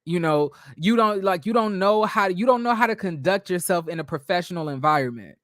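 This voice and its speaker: A man's voice: high-pitched, animated, a little fast, a bit bright, no room sound, clean studio sound. A man giving a casual, blunt recap of a reality TV episode, full of slang and restarts. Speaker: recap vlogger.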